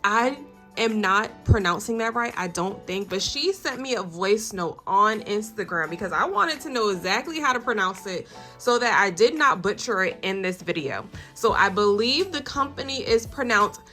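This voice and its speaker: A woman talks through a nail product review in a relaxed, chatty way, filling pauses with ums and calling her viewers y'all. Her voice is bright and forward, at a middle pitch. Soft music plays behind her. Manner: chatty, many fillers, addresses viewers as y'all. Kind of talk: casual vlog chat.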